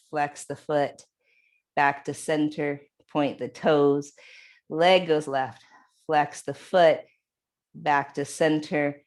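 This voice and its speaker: A woman with a low, deep voice guides a yoga flow at an unhurried pace. Her cues are calm and measured, spaced out between movements. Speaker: yoga instructor. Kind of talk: guided exercise instruction.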